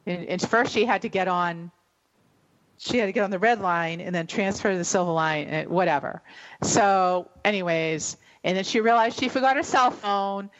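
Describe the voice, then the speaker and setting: A woman's voice: medium pitch, moderate pace, dull audio. A middle-aged woman telling a long story on a radio show, rambling and emotional, with many fillers and restarts.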